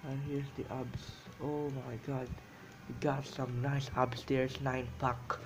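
Slow-talking man chatting while he draws. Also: mid-range voice, little pitch movement, noisy background. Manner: chatty, self-amused, broken English phrasing. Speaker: drawing vlogger. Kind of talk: rambling commentary while drawing.

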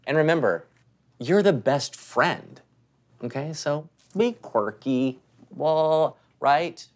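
A woman's voice: deep voice, slow, a little mellow. An actress playing a condescending casting director who is patronizing to the auditioner, then gushes over her, then brushes her off. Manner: patronizing, then starstruck and gushing.

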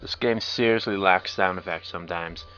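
A man's voice: deep voice, normal speed, a bit bright, clean tone. A man reading a visual novel aloud and breaking off for wry, sarcastic asides. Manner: wry, sarcastic asides between read lines. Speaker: let's play commentator. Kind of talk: reading game text aloud with joking commentary. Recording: dull lo-fi recording with faint game music.

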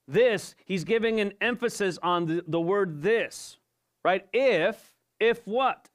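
A man's voice: high-pitched, lively intonation, slow pace. A male pastor giving an evening sermon, asking rhetorical questions and repeating his points for emphasis. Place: church service.

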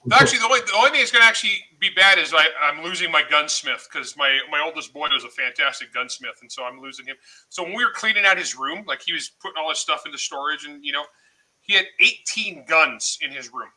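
Boisterous high-voiced bright man. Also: animated, fast talker, rough recording. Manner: boisterous, laughs often, jokes loudly. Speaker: guest author. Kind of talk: casual livestream chat.

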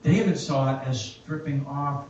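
A man preaching a sermon and reading scripture aloud in a slow, reflective way. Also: medium pitch, darkish tone, a little hiss or hum. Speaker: pastor. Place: church. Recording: echoey, distant, muffled church recording.

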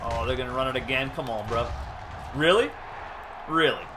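A man casually commenting on his own football video game, bursting into loud shouts at big plays. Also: medium pitch, normal speed, noisy background. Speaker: gaming YouTuber. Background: game music.

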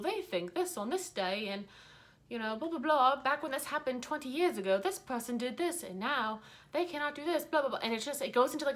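A young woman chatting loosely to camera about her reading. Her voice sits at an ordinary middle pitch, and she rambles from one thought to the next with plenty of fillers. She is frank and swears freely as she goes. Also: a bit bright. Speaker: book vlogger. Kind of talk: casual chat.

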